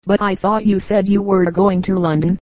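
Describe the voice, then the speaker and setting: A woman voicing a lively, frank young girl who talks candidly and briskly, in an audiobook reading. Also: medium pitch, dry recording, lightly acted.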